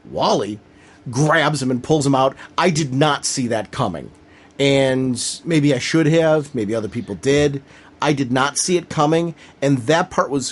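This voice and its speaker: A man co-hosting a comics podcast, retelling scenes with growing excitement and acting out the characters' lines. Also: medium pitch. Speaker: podcast co-host. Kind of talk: casual comics discussion.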